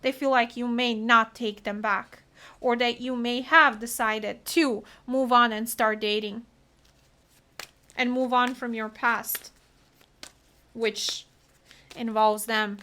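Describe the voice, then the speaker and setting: A woman's voice: a little high, fairly even intonation, takes it slowly, long pauses, pushed and bright. A woman giving a solo tarot reading, talking earnestly and emotionally through what the cards mean. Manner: earnest, emotional, talks through card meanings. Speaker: tarot reader.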